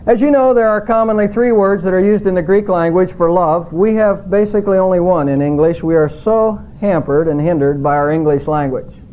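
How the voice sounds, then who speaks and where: A middle-aged male pastor preaching a sermon in a measured way, slowing down when he quotes scripture. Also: high voice, dark tone, lo-fi sound.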